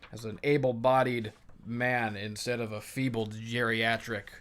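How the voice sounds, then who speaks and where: Brief: podcaster voicing a crude, stubborn barbarian, profane. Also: male voice, medium pitch, flat delivery, a little slow, fairly bright tone, close to an everyday voice. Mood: resigned. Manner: profane and defiant.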